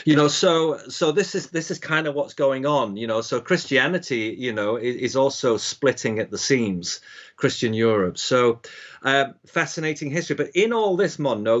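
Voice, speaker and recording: Rambling man teaching history, dull audio. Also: mid-range voice. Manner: rambling, many restarts and "you know" fillers. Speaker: Bible prophecy teacher. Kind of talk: casual conversational teaching.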